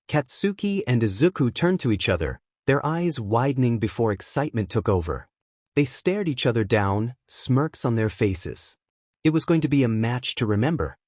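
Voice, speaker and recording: A man's voice: mid-range voice, darkish tone, no room sound, studio quality. A man reading a fan fiction story aloud as narrator, with small voice shifts for the characters.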